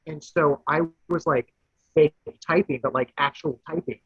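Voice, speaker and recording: A man, a guest contestant, telling a rambling, animated anecdote in casual chat. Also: on the high side, moderate pace, slightly rough, no echo. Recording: dull lo-fi dry audio.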